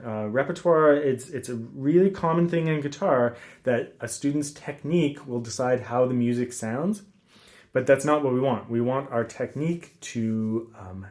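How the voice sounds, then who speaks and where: A man teaching a guitar lesson in a relaxed, casual way, counting rhythms aloud with frequent ums. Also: medium pitch. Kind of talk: casual instructional talk.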